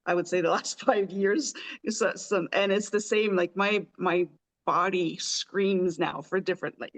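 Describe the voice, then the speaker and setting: A woman's voice: on the low side, fairly even intonation, a little slow. Chatty woman host, laughing often. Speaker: podcast host. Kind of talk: casual chat.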